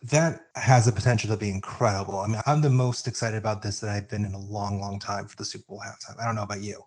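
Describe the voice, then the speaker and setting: A man co-hosting a music podcast, chatting casually and getting excited and openly emotional. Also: lowish voice, fast talker. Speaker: podcast co-host. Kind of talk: casual music debate chat. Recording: remote call, own mic.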